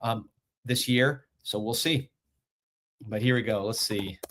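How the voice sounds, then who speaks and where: A man's voice: mid-range voice, a little slow, slight background noise. Guy hosting a live sports stream, hyped, a bit out of breath, lots of ums. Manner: excited, reads chat and rankings aloud, frequent fillers. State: a little out of breath. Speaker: sports recruiting livestream host. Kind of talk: casual livestream commentary.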